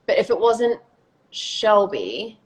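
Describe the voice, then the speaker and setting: A woman's voice: medium pitch, very animated, slow, rough recording. A young woman in casual chat on a phone livestream, chatty and swearing casually, often restarting her sentences. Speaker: actor in a live chat.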